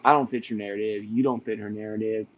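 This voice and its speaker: A man with a lowish voice, speaking as a guest in a live audio chat. He sounds aggrieved and hesitant, and his line comes through dull and muffled with a faint hiss. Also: steady tone, fast talker. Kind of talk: casual chat.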